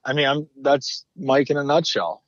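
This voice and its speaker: A man's voice: mid-range voice, normal speed, dry recording. A man telling stories on a podcast, looping back and restarting mid-sentence with a casual, salty edge. His voice comes through slightly muffled and lo-fi. The sound is dry, with no room around it. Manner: rambling with frequent restarts and swearing. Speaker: guest, former hockey player. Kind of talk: casual storytelling interview. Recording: muffled lo-fi remote audio.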